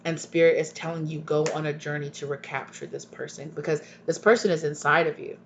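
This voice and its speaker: This tarot reader has a gravelly, high-leaning male voice that moves a little fast with fairly even intonation. Speaking to viewers, he is emphatic and earnest, repeats himself a lot, and asks pointed questions, all captured on dull lo-fi audio with a faint hum.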